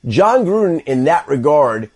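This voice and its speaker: A man on sports radio, measured and explanatory, laying out football league insight and repeating his key points. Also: a little high, sing-song, darkish tone, husky. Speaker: football insider.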